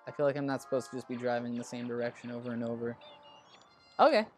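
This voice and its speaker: A man hosting a let's play chats casually, rambling about movies while he plays and cursing under his breath when the game goes wrong. His medium-pitched voice is fast and steady in tone, with faint music behind.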